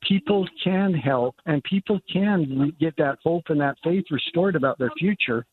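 A man's voice: on the high side, moderate pace, husky, no room sound. An older man, a congressman, speaking earnestly as a guest in a radio interview by phone. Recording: tinny phone line.

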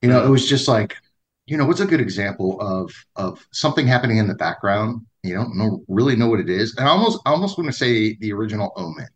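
A man co-hosting a podcast, talking in a rambling, animated way with lots of restarts. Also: lowish voice, fast. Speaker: podcast co-host. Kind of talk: casual chat.

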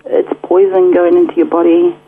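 A woman's voice: on the low side, level tone, moderate pace, husky. A woman casually telling her faith story as a radio guest, chatty, full of fillers, with frequent laughs. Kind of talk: casual testimony. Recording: muffled phone line.

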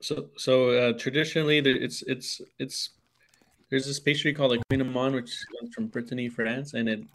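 A man with a gravelly, creaky voice explains his baking in a radio studio, earnest and halting, often restarting his sentences. His pitch is medium. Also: level tone. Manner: hesitant, many restarts, earnest. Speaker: guest baker. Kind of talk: studio interview.

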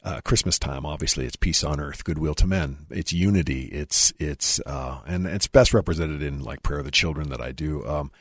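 A middle-aged man with a very deep, husky voice talks about his music in an interview. He is earnest and animated, and the recording is close and dry. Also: moderate pace, few pauses, no room sound. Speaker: musician guest. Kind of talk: conversational interview.

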